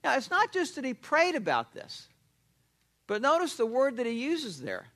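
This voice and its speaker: A man preaching a sermon, animated and emphatic, asking questions and answering them himself. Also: very high-pitched, normal speed. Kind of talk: expository sermon.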